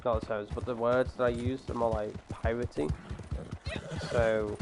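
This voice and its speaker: Brief: young English male streamer, rambling casual chat over headset, steady hiss behind. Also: mid-range voice, normal speed. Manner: rambling, explains with many fillers. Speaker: game streamer. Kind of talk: casual chat while gaming. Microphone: gaming headset.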